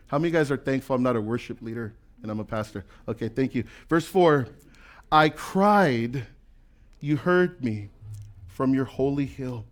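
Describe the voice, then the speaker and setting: A male pastor preaching a sermon in a conversational, animated way, acting out quoted voices and often repeating words as he builds a point. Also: medium pitch, normal speed.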